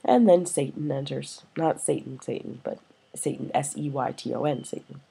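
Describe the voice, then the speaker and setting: A woman's voice: a bass voice, normal speed, vocal fry, warm tone, breathy edge. A woman teacher giving a recorded literature lesson, explaining and paraphrasing verse in plain words with many fillers.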